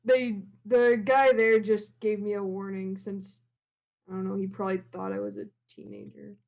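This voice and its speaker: A woman's voice: medium pitch, flat delivery, moderate pace, creaky, darkish tone, rough recording. A woman playing a tabletop role-playing game, talking casually with short replies. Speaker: player.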